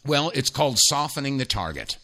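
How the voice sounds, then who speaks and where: A man's voice: mid-range voice, big pitch swings, a little fast, sharp tone. A man hosting a talk radio show, emphatic and sarcastic, rambling with many restarts.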